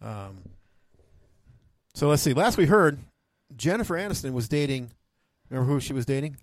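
A man's voice: medium pitch, normal speed, no room sound. Teasing man on a dry mic. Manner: teasing, deadpan jokes with frequent laughs. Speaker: podcast co-host. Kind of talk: joking casual chat.

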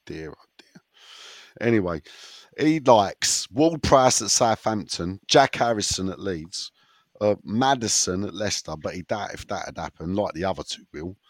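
A man's voice: on the low side, expressive, moderate pace, dry recording. A man with a sore throat hosting a listener question segment in casual podcast chat, rambling and teasing, often tripping over his words.

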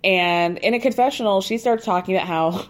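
A woman telling a story with lively energy, her voice pitched in an ordinary middle range. She speaks casually and swears freely, and she laughs at her own side comments as she recaps events for her listeners. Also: fairly quick. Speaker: podcast host recapping a reality show.

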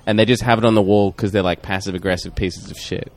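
A man's voice: on the low side, fairly even intonation, fast. A man co-hosting a podcast in casual chat, telling rambling stories full of "like" and swearing. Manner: rambling storytelling, filler "like", swears. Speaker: podcast co-host.

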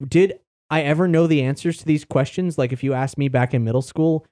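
A man's voice: on the high side, brisk, mellow, no room sound. Chatty, dry-sounding male podcast host. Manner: rambling and chatty, with casual swearing. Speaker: podcast host reviewing books. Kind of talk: casual chat.

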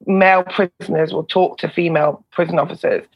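A woman, a former prison officer and comedian, telling stories in a casual interview, animated and swearing freely. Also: lowish voice, brisk, breathy edge, highs cut off. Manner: animated, swears freely, laughs between lines. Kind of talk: casual storytelling in a podcast interview.

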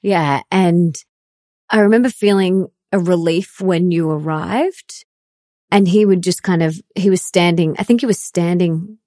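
Woman, 30s, podcast host recounting a personal story, earnest, low mellow voice, dry close sound. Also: measured pace, no echo. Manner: earnest, emotional, many fillers like "like".

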